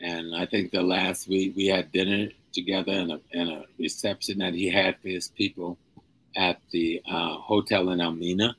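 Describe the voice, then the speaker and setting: An older man, a guest, telling a personal story at an unhurried pace, stretching key words. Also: sits low, level tone, a bit bright, low-quality recording. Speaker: guest speaker. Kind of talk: storytelling in a live-streamed conversation.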